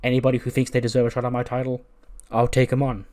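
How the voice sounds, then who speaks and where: A man's voice: medium pitch, completely flat delivery, quick pace, a little mellow, natural voice. Man doing a tough, curt champion wrestler. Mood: defiant. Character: tough male champion wrestler, ready for anyone.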